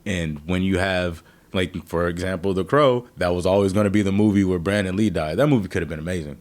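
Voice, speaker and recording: A man's voice: low voice, a little fast. A man co-hosting a podcast in casual chat, teasing his partner with jokes, slang and swearing. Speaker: podcast co-host.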